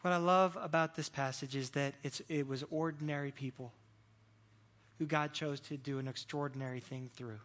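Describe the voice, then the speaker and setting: A man's voice: mid-range voice, fairly even intonation, normal speed, fairly bright tone. A man preaching a sermon as pastor, earnest and repeating words as he builds his points.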